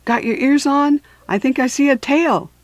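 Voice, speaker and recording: Storybook little brother, high and loud, always excited, voiced by a woman reader. Dry sound. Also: normal speed, dry recording. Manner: eager, chattering, loud. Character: excitable little boy playing spy.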